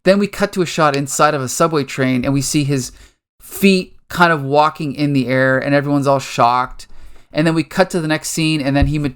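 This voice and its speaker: A man's voice: a little high, a bit bright, clean tone. A man hosting a podcast, recapping a story in a loose, rambling casual chat. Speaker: podcast host.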